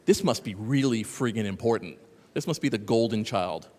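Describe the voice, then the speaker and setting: A man giving a lively conference talk, sarcastic and animated, rambling with asides to the audience. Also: fairly low pitch, moderate pace. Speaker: conference speaker. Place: conference hall. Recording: echoey hall.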